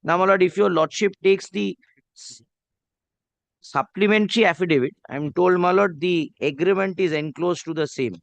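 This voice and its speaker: In a courtroom, a man speaking Bengali-accented Indian English argues a case before a judge, deferentially reading clauses aloud and saying "my lord" constantly. His voice is high-pitched with vocal fry, at a moderate pace, recorded with no room sound.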